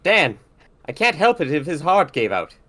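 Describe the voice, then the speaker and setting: A man plays an arrogant mad scientist with a smug, clipped delivery. The voice swings lively up and down as he lectures and sneers. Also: on the high side, normal speed, voice pushed up.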